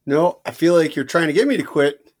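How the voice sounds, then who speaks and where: A man on a comedy chat show, speaking quietly and haltingly with mock stubbornness. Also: on the high side, lively intonation. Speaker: panelist.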